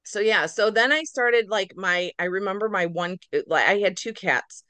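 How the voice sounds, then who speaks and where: Animated storytelling woman, dry close sound. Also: mid-range voice, moderate pace, dry recording. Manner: animated, acts out her own reactions in quotes. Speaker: guest, nurse practitioner. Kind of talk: casual storytelling interview.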